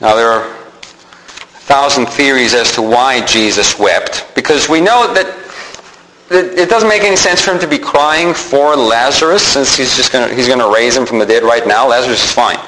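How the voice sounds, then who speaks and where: In an echoey space with faint noise, a man with a forceful, bright, mid-range voice preaches. The pastor reads scripture and performs the mourners' lines as part of his sermon.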